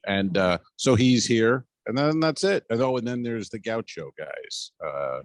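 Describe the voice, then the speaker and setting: A man's voice: medium pitch, animated, a little slow, no room sound. A man co-hosting a comedy podcast, rambling through a loose, profane story while out on a cruise ship's pool deck. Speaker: podcast co-host. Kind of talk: casual comedic chat.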